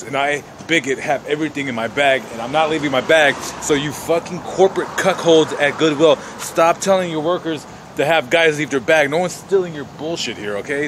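A man's voice: a little high, fairly bright tone, a little hiss or hum. A tired man rambling and ranting crudely in a vlog, recorded outdoors in a city. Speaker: vlogger.

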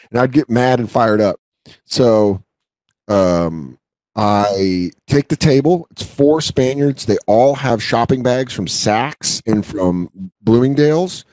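A man in his thirties telling a profane, animated story in casual chat. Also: mid-range voice, slow, dry recording, rough recording. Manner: profane, animated, acts out customers' voices. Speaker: guest storyteller.

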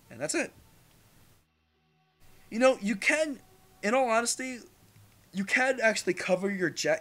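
A young man chats loosely over a video game, his voice bright and a touch high. He wanders from thought to thought, swears casually and jumps into loud, indignant rants. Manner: rambling, swears a lot, jumps to loud outbursts. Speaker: gaming channel host. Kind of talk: casual gameplay commentary.

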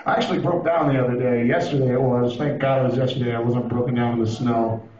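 A man doing a profane, animated stand-up routine on a club stage, now and then breaking into shouted impressions. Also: mid-range voice, fast talker, crowd noise. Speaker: stand-up comedian. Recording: roomy, distant, dull lo-fi club recording. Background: audience laughing.

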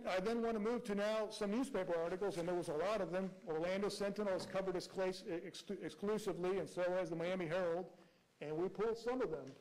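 High-voiced man arguing in court. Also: darkish tone, low-quality recording. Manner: argumentative, rhetorical questions; reads quotes aloud. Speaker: prosecutor. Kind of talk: courtroom argument.

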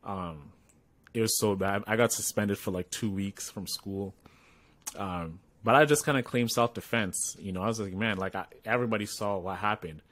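This podcast co-host, a man with a fairly low voice, recounts a story at a moderate pace in relaxed chat, bringing it to life by voicing the people in it. The recording is dry.

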